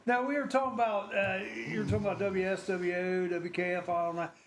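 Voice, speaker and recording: A man hosting casual local radio, chatty and rambling and quick to laugh. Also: high-pitched, little pitch movement, noisy background.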